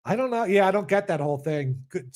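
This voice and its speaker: A man co-hosting a podcast in easygoing chat. His voice sits a little high for a man. He laughs often and keeps the talk going with quick short replies. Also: animated, a little mellow. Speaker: podcast co-host. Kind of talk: casual chat.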